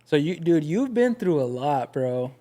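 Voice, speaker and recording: Podcast host guy, slightly high voice, lots of quiet mm-hmms and wows. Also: measured pace. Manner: quiet listener, short reactions, relaxed slang. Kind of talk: casual interview.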